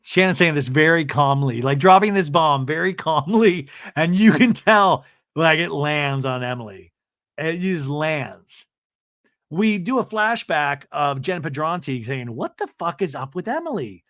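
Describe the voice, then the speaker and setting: A man's voice: on the high side, expressive, measured pace, fairly bright tone, no room sound, clean studio sound. A man hosting a podcast, recapping in a chatty, gossipy storytelling way. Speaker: podcast host. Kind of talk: casual recap commentary.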